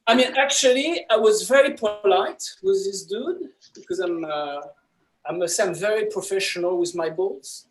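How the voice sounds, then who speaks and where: A man's voice: high-pitched, moderate pace, rough recording. A man, doing a playful stand-up set over a video call. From France. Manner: animated storyteller, playful. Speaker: comedy student performer.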